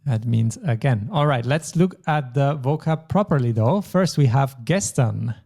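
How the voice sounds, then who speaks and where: A man's voice: mid-range voice, animated, unhurried, warm tone. A man teaching a language lesson, explaining patiently step by step. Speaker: German teacher.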